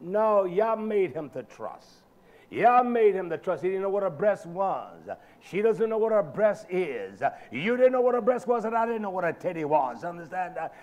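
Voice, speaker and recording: A male preacher giving a sermon in a dramatic, colloquial manner, swinging from shouted lines to low murmurs. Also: very animated, moderate pace, lo-fi sound.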